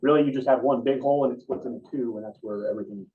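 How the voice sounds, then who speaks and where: A man's voice: medium pitch, rapid-fire. A man teaching an EMT class in an informal, casual way, often asking the students questions. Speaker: EMT instructor. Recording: dull distant room recording.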